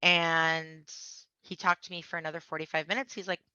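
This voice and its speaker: A woman's voice: sits low, little pitch movement, brisk, pushed and bright, clean tone, dry recording. A woman guest on a podcast, telling a personal story vividly and acting out the people in it. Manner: vivid, acts out voices in her story. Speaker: interview guest. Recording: dull, muffled podcast audio.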